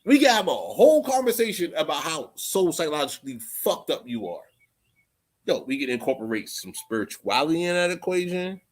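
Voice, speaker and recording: This is a man with ranting furiously at people in his livestream chat. He swears constantly, repeats his phrases, and keeps coming back to the same insults. His voice sits a bit on the high side. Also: very animated, brisk. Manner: angry, profane, repetitive. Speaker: channel host.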